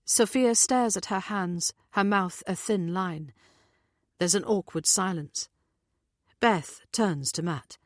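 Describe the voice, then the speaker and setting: A woman narrating an audiobook in a measured, even reading style. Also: fairly low pitch, no echo, clean studio sound. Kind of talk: scripted narration.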